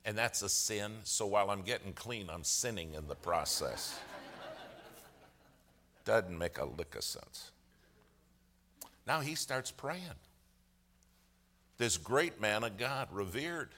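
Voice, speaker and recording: Forceful low-voiced man telling a story. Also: slow, pauses often, a little hiss or hum. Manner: animated storyteller, acts out quoted voices with humor. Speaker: lawyer giving a testimony. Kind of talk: sermon storytelling.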